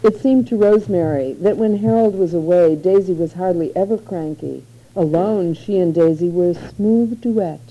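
A woman narrating a literary short story in a measured, unhurried reading. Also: lowish voice, lo-fi sound.

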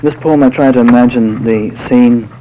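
A man giving a live poetry reading to an audience, delivering verse in a measured, unhurried way with hesitant spoken asides between poems. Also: mid-range voice, warm tone, slight background noise, poor audio. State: voice slightly off tonight.

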